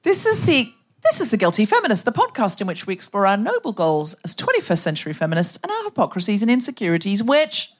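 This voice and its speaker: A woman's voice: mid-range voice, wildly swooping pitch, fast talker, hardly any pauses. A woman hosting a live podcast on a theatre stage, introducing the show and its guests. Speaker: podcast host.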